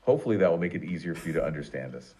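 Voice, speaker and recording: A man's voice: sits low, expressive, very fast, warm tone. A synthetic man's voice co-hosting a podcast-style chat, eager and affirming, often thanking the listener. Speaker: AI podcast co-host.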